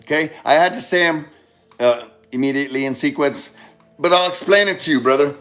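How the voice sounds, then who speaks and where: A man's voice: on the high side, a little fast, a bit bright, soft background music. A man giving a casual motivational talk, rambling and repeating himself, swearing now and then and calling listeners brother. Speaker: speaker giving a monologue on love.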